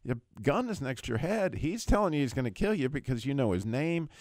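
A man's voice: mid-range voice, a little fast, no room sound, studio quality. A middle-aged man hosting a radio prayer show, retelling a dramatic testimony in casual chat, his voice jumping up at the emotional peaks. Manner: animated storyteller, voice leaping up at emotional peaks.

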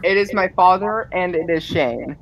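A man's voice: sits high, expressive, normal speed, crowd noise, poor audio. A man chatting playfully while playing an online game with friends, with a dramatic flair. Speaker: gamer. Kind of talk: casual game chat.

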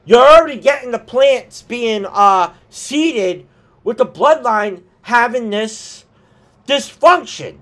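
A man talks through a casual wrestling vlog, his voice sitting high for a man. He drawls his points out slowly, tossing in swears and exasperated asides. He has the hiccups. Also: expressive, fairly bright tone. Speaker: wrestling commentator vlogger.

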